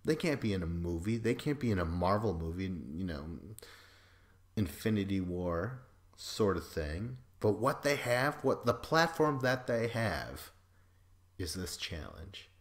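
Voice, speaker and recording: A man's voice: sits low, big pitch swings, measured pace. A man hosting a podcast, recapping a reality show in a loose, profane, joking way, full of fillers and quoted asides. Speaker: podcast host. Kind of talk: casual recap chat.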